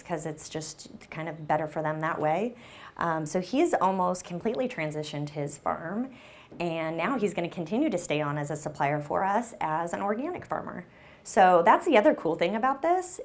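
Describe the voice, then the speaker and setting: A woman giving a conference keynote talk on a stage mic, upbeat and chatty, with lots of ums and "right?". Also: on the low side. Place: conference room with an audience. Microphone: handheld or stage mic that briefly cut out.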